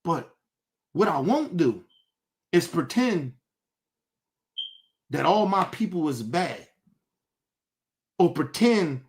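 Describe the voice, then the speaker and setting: Heated man ranting with lively pitch. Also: slow pace, pauses often. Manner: heated and profane, swinging between shouting and low intensity. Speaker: show host. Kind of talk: impassioned commentary rant.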